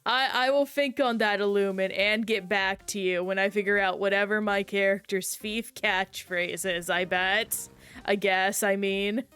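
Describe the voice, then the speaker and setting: A woman streamer in casual, chatty conversation while playing a game, reacting aloud in an animated way. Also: mid-range voice, measured pace, smooth, faint music behind. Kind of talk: casual gameplay chat.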